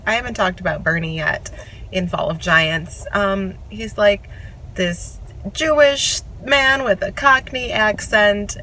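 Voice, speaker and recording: Young woman rambling slow about books in her car, road hum behind, kinda gushy. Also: mid-range voice, pushed and bright, rough recording. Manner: chatty, gushing, self-mocking. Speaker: book vlogger. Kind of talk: casual vlog chat. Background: car road noise.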